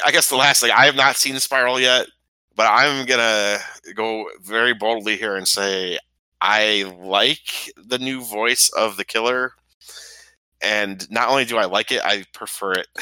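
A man chatting casually about movies in a relaxed way, with lots of fillers. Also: lowish voice, measured pace, clean tone, dry recording, low-quality recording.

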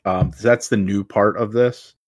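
A man with a very deep voice talks through a game in a relaxed, rambling way. He leans on fillers and restarts as he explains, and the sound is dry with no room around it. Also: a little slow, no room sound. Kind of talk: casual chat about video games.

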